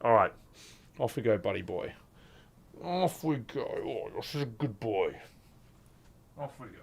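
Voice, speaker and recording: A man's voice: mid-range voice, animated, a little slow, vocal fry, slightly rough. A young adult man, chatting casually to his stream audience and cooing at his cat. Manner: affectionate baby talk to his cat. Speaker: game streamer.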